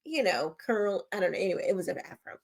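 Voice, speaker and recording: A woman's voice: medium pitch, expressive, quick pace, gravelly. Chatty sassy woman hosting commentary. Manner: chatty, sassy, rambling with fillers. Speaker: host. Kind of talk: casual opinion commentary.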